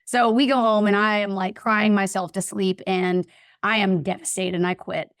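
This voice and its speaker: A woman appearing as a podcast guest tells a personal story during a casual interview, animatedly acting out the voices of the people in it. Her mid-range voice moves at a moderate pace, recorded dry with clean studio sound.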